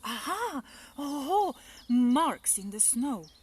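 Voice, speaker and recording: A woman voicing a young female gruffalo child from a storybook, speaking high and full of wonder. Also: big pitch swings, extremely slow, exaggerated voice. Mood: curious.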